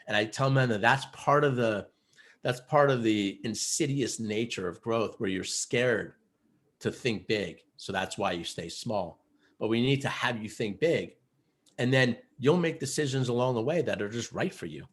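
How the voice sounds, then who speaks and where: A man coaching other men, telling stories in a casual interview, earnest and animated, with many fillers like "you know" and "like". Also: medium pitch, moderate pace. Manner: earnest, animated storyteller who acts out quotes. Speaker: guest, men's coach.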